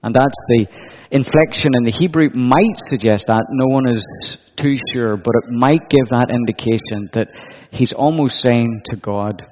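A man's voice: mid-range voice, a little slow. A man preaching a sermon in a reflective way, often putting questions to his listeners. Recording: dull audio with long hall reverb.

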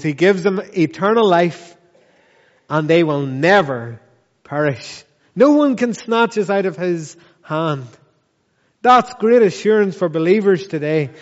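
A man preaching a sermon in a church, earnest and measured, pressing his listeners with repeated questions. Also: high voice, a little mellow, in a large hall, lo-fi sound. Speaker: pastor.

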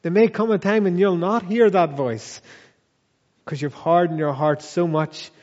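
A man preaches slowly and earnestly, his voice sitting high for a man. He presses his congregation with repeated questions and drawn-out emphatic phrases. The sound is dull and lo-fi, with long reverb from the church hall. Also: steady tone, a little mellow. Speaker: pastor. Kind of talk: sermon.

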